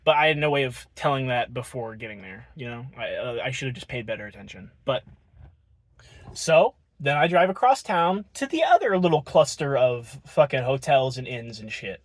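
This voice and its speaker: A man's voice: medium pitch, very animated, moderate pace, dry recording. A man telling a rambling, profane story in a casual storytime vlog.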